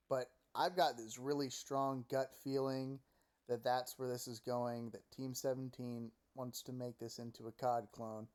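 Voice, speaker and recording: A man in the middle of a fast, swearing rant about a video game, talking straight into a close desk mic at home. His voice sits in an ordinary middle pitch, and he keeps slipping into mocking impressions of other players. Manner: profane, animated ranting with mocking quoted voices. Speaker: gaming commentator. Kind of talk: casual opinion rant.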